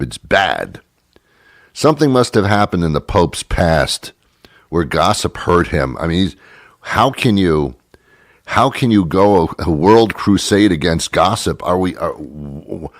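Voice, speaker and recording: Man, talk-show host, comic rant, incredulous, sarcastic, deep voice. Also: lively intonation, a little slow, no room sound, studio quality. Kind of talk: comic monologue.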